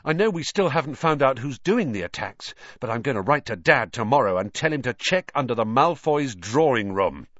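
A man voicing an eager, excitable teenage boy who talks in an urgent, breathless way. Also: medium pitch, moderate pace, few pauses, dry recording. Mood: excited. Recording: dull lo-fi dry audio.

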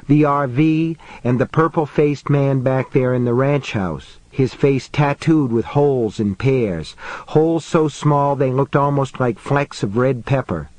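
Slow, dry-voiced male audiobook narrator. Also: medium pitch, darkish tone, dry recording, rough recording. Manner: measured, tense storytelling.

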